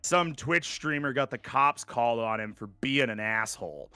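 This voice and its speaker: Bright, crisp-voiced podcast host ranting. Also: male voice, mid-range voice, normal speed, dry recording. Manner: opinionated, ranting, sarcastic. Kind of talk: casual gaming podcast chat.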